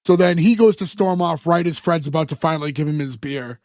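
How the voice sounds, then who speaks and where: A man's voice: fairly high pitch, steady tone, fast talker, few pauses, darkish tone, no echo, clean studio sound. A man co-hosting a podcast, casually recapping a TV episode and quoting the characters as he goes. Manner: retells scenes, quoting characters in passing. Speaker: podcast co-host.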